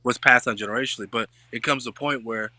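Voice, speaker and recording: Bright, dry-voiced man hosting a casual talk. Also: medium pitch, steady tone, fast, dry recording. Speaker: podcast host. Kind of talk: casual chat.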